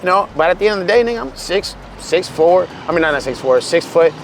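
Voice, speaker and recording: A man's voice: sits high, rapid-fire, slight background noise. A man from California with a Californian accent, telling a story in casual, profane talk and acting out quotes. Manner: animated, profane, acts out quotes. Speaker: streamer guest.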